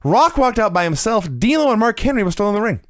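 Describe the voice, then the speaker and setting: A man's voice: high-pitched, big pitch swings, fast, no room sound. Sarcastic man recapping wrestling, dry close sound. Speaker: podcast co-host reviewing wrestling. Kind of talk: casual podcast chat.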